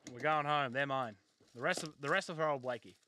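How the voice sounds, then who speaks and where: A man hosting a live trading card break, excitably calling out each card and joking with a co-host. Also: mid-range voice, a little fast, a little hiss or hum. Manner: excitable, banters and jokes while calling out pulled cards. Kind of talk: live case break commentary.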